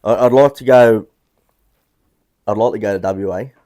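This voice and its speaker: A man's voice: lowish voice, normal speed, warm tone. A man, chatting casually as a podcast guest, rambling with frequent restarts. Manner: laid-back, rambling with many restarts. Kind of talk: casual chat.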